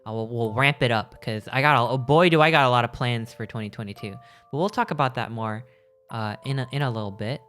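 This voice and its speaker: A male streamer with a medium-pitched, fairly bright, smooth voice chats quickly and casually with his live chat. He rambles, jokes and interrupts himself, speaking in fits and starts over faint background guitar music.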